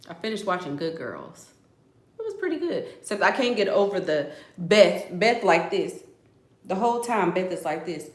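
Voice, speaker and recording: A woman's voice: medium pitch, very animated, normal speed, echoey room. A woman vlogger telling gossip to her viewers in a casual, chatty way, often calling them "girl".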